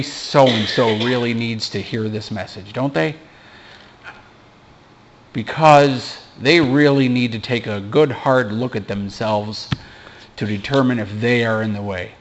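A man's voice: mid-range voice, dull audio. Man preaching casually with joking asides. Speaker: pastor. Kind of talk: informal sermon. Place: small church.

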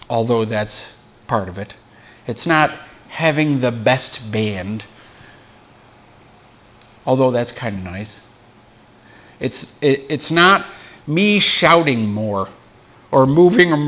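A pastor giving an informal sermon in a small church, mixing scripture with joking asides. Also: male voice, medium pitch, fairly bright tone, muffled recording. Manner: conversational preaching with joking asides.

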